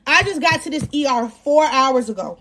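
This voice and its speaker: A young woman hosting a live stream, telling a personal story in a loud, animated way, cursing freely and laughing often. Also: sits high, normal speed. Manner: animated, profane and laughing as she tells the story.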